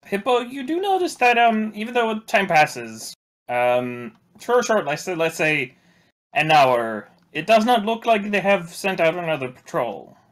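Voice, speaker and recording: Lively halting male game master. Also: high voice. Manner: halting, full of fillers and restarts. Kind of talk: narrating a tabletop game.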